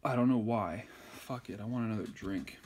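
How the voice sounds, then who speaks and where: A man's voice: on the low side, normal speed, background noise. A man giving a crude, insulting, rambling comedic tutorial on sewing a button. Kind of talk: profane comedic tutorial rant.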